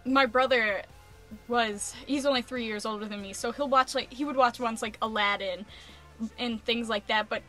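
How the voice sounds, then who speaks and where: A young adult woman vlogging a casual rant, animated and exasperated, peppering her speech with "like.". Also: a little high, moderate pace, soft background music.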